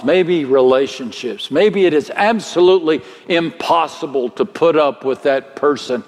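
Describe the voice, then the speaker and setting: A man preaching a sermon, slow and dramatic, his voice swelling higher at the most stirring moments. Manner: slow, dramatic delivery with sudden swells in pitch. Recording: long hall reverb.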